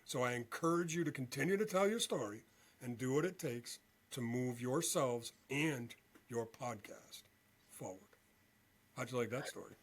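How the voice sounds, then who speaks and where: Animated male veteran telling a story. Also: medium pitch, moderate pace, breathy edge. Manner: animated storyteller, often checks in with "okay?". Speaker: podcast guest, military veteran. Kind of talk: storytelling interview.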